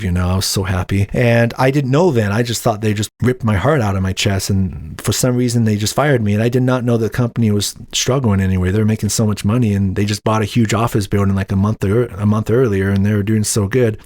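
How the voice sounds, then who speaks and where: A man's voice: lowish voice, steady tone, fairly quick, few pauses, darkish tone, no echo, clean studio sound. A young adult man hosts a solo podcast, telling a personal story in a candid, rambling, indignant way. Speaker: podcast host.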